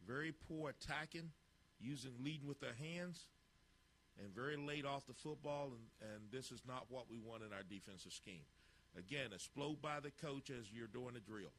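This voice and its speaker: A football coach talks over practice footage in short, clipped cues, bluntly calling out poor technique. His voice is bright and forceful, with a middle pitch. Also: moderate pace, a little hiss or hum. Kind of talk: narrating a drill tape.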